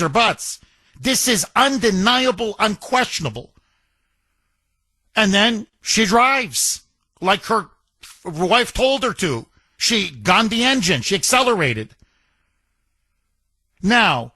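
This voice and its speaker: A man's voice: high voice, bright, forceful tone, no room sound. A man hosting a talk radio show, describing events in an emphatic, indignant way and repeating words for stress.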